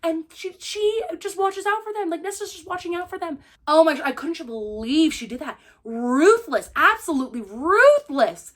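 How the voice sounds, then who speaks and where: A young woman gives a casual, spoiler-filled book review, gushing and acting out characters' lines while peppering her speech with "like". Her very high voice is expressive and fairly bright, at a moderate pace with hardly any pauses.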